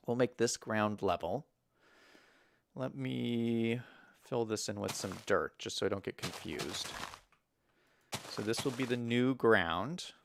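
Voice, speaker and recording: There's no room sound as a medium-pitched American man plays a building game on stream, musing aloud as he builds. He keeps up casual chat with viewers and laughs a lot.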